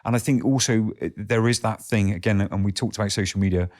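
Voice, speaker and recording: A man as a guest on a casual podcast chat, laid-back and sweary, dropping into hushed asides when quoting. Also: fairly low pitch, steady tone, fast.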